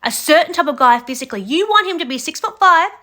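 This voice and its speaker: A woman's voice: sits high, expressive, fast, sharp tone. A young adult woman giving blunt, scolding reality show commentary, speaking straight to a contestant. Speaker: reaction commentator.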